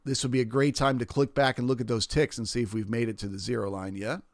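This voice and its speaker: A man hosts a live trading stream and talks through the market in a relaxed, explanatory way, greeting viewers and taking their questions. His voice sits at a middle pitch. The sound is dry and close, with no room echo. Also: fast. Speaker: livestream trading host. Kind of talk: live market commentary and chat Q&A.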